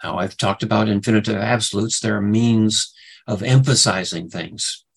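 Gravelly low-voiced man teaching scripture. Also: fairly even intonation, low-quality recording. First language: English. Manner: halting, with frequent fillers and restarts; leans hard on single words for emphasis. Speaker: Bible teacher. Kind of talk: Bible study lecture.

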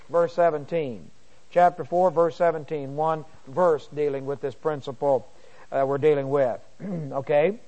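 A middle-aged man leads a Bible lesson in a voice pitched a little high. He reads the verses slowly and with care. He clears his throat often between points. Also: darkish tone. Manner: slow, deliberate reading of verses, frequent throat-clearing. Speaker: Bible teacher.

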